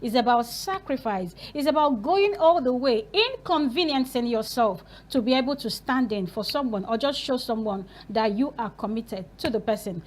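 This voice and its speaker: Earnest high-voiced woman host. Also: animated, moderate pace, hardly any pauses. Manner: earnest, preachy, asks rhetorical questions. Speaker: talk show host. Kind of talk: Christian talk show discussion.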